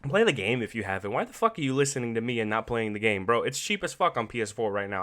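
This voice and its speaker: A man hosting his own podcast, talking casually and profanely about a video game, laughing often and swinging from loud excitement to quiet earnest remarks. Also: mid-range voice, quick pace, hardly any pauses. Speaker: podcast host. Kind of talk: casual solo podcast commentary.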